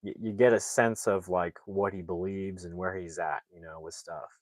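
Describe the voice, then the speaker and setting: A man's voice: sits low, steady tone, moderate pace, no echo. A man casually recapping a movie's plot, rambling with lots of fillers and restarts and openly doubting the story. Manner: opinionated, voices doubts about the plot. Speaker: movie reviewer.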